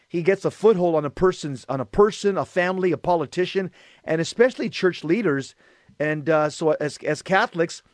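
High-voiced, emphatic male talk host. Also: no room sound, clean studio sound. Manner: emphatic, preachy. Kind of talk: casual talk show chat.

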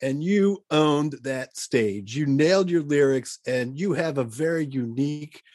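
A man's voice: fairly high pitch, a little slow, darkish tone, dry recording, studio quality. A man hosting a podcast interview, chatting casually and enthusiastically with his guest. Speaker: podcast host.

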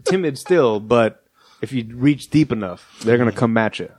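Animated man on a dry close mic. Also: medium pitch, normal speed, breathy edge, no echo. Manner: animated, acts out quotes in silly voices. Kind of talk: casual movie podcast chat.

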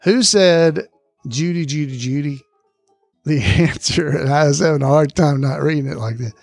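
A man's voice: on the high side, gravelly, darkish tone, dry recording, soft background music. Chuckling man hosting a podcast quiz. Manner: reads questions slowly and repeats them, chuckles often. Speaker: podcast host running a trivia quiz. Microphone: close podcast microphone.

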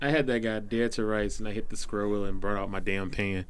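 A man in a casual podcast chat, quietly defending himself while his friends tease him. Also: fairly low pitch, steady tone, brisk, clear, resonant tone. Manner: soft-spoken, defensive, mumbles. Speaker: podcast co-host being teased.

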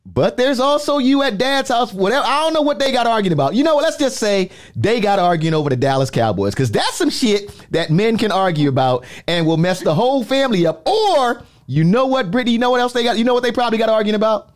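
A man hosting a podcast, talking in a teasing, animated way with drawn-out emphasis. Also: high-pitched. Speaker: podcast host. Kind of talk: casual podcast chat.

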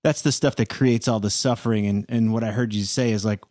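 A man's voice: fairly low pitch, fairly even intonation, fairly quick, dark tone, no room sound, clean studio sound. A man hosting a podcast interview, thoughtful, repeating words as he searches for his phrasing. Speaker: podcast host. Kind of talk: conversational interview.

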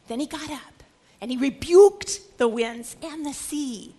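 Woman, high voice, middle-aged, Bible study teacher, earnest, emphatic lecture. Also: measured pace. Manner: earnest, acts out scripture quotes with emphasis. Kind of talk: religious lecture.

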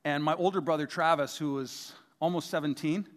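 High-voiced man preaching in a reverberant hall. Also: fairly even intonation, fairly quick. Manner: humorous, self-deprecating storytelling. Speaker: pastor. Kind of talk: sermon with personal stories.

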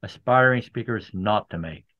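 A man's voice: on the low side, normal speed. A man hosting a podcast interview, asking questions in a friendly way and joking about his own slip-ups. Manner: friendly, jokes about himself. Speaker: podcast host. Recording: dull lo-fi audio.

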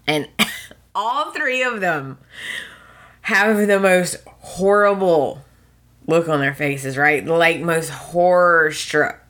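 Low, bright-voiced woman recapping a soap. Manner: chatty storytelling with quoted dialogue and chuckles. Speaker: podcast host. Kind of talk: casual soap opera recap.

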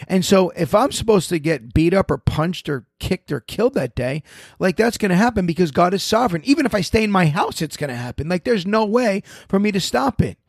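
A man with a slightly high voice delivers emphatic religious commentary, reading scripture and firing off quick questions to drive his point home. His voice sits close and dry, with no room around it. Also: expressive, creaky, breathy edge, no room sound.

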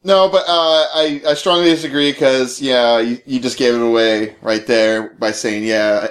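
A man's voice: medium pitch, fairly even intonation, unhurried. A man hosting a podcast, bantering in a heated, profane, joking way. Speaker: podcast host. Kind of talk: casual banter.

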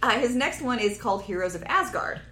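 A woman's voice: a little high, animated, brisk, over a noisy crowd. A woman co-hosting a casual podcast, rambling enthusiastically and restarting her sentences. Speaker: podcast co-host. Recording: echoey room.

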